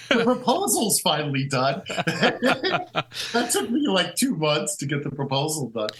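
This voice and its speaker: A man's voice: a little high, slow pace, poor audio. A man who is a guest author, talking casually and rambling through stories with many restarts and acted-out quotes. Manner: animated, acts out quotes in storytelling. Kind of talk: casual conversational storytelling.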